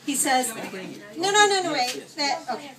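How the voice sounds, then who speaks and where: Woman in her sixties, high voice, rambling storyteller, party speech, distant mic. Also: normal speed, a crowd in the background. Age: 60s. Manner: rambling, laughing, animated storyteller. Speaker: birthday celebrant giving a speech. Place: outdoor party.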